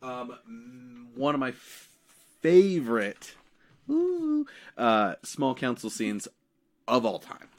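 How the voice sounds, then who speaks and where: A man's voice: medium pitch, sing-song, slow. A man co-hosting a podcast, chatting casually and animatedly about a TV show, acting out lines and swearing freely. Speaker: podcast co-host. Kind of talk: casual chat recapping a TV show.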